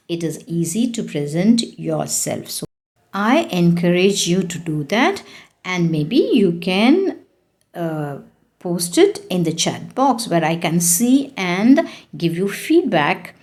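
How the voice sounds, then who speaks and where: A woman's voice: fairly low pitch, sing-song, slow, a little mellow. A woman teaching a French lesson online, patiently repeating answers and putting questions to her class.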